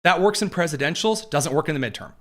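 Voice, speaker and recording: A man's voice: a little high, expressive, fast, fairly bright tone. A man hosting casual political commentary, sarcastic and jokey, with frequent fillers and asides.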